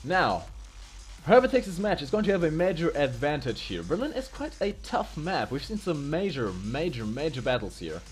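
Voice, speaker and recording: A man's voice: a little high, sing-song, soft background music. A man commenting live on a video game match with playful, joking banter. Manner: playful, jokey, fast banter. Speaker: esports commentator.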